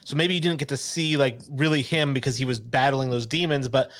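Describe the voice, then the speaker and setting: A man's voice: mid-range voice, steady tone, a little fast, a bit bright. A man interviewing a guest, asking a long question in a thoughtful, hedging way.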